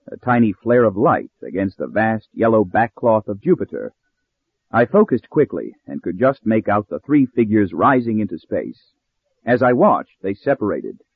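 A man narrating a story in an audiobook style with steady, expressive reading, recorded with narrow phone-like sound. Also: on the low side, vocal fry, husky, dry recording.

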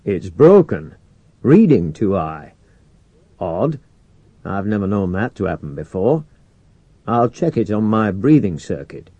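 A cautious veteran astronaut officer, dry and wry, spoken plainly and without fuss, as a male narrator puts him on. The voice sits a bit above the reader's own dark, mellow tone and is set in a dry, close sound. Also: on the low side, very animated, measured pace, long pauses, slightly rough, dry recording, dull audio, full character voice. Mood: puzzled. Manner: dry, wry, matter-of-fact.

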